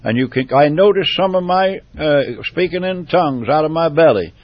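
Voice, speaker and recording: A man preaches in an emphatic, repetitive style, circling back to the same phrases and building fervor. His voice sits a little high for a man. The sound is dry and dull, like an old lo-fi radio broadcast. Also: animated, moderate pace, no echo. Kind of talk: sermon.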